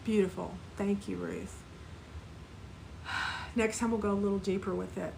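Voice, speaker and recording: A woman teaching a live online spiritual class, gently guiding listeners through an energy clearing and repeat-after-me compassion phrases. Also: mid-range voice, huge pitch swings, measured pace, a little hiss or hum, poor audio.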